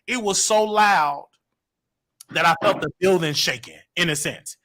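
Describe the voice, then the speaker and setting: High bright-voiced man storytelling. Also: unhurried. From Chicago. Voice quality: expressive, swings into loud quoted voices. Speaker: guest. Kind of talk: animated personal storytelling.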